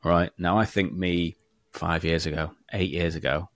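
A man co-hosting a podcast, explaining points in a measured, casual way. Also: low voice, steady tone, dry recording, clean studio sound. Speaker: podcast co-host. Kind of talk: casual sales podcast chat.

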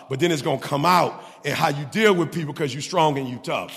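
A man preaching an animated sermon, laughing often and breaking into shouts. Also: on the high side, fairly quick, vocal fry, few pauses, in a large hall.

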